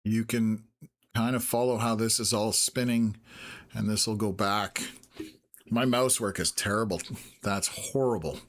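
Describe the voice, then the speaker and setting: A man's voice: fairly low pitch, fairly even intonation, a little slow. Rambling fifty-something man tracking storms live. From Canada. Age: 50s. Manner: rambling, many filler "uh"s, jumps between topics. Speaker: weather stream host.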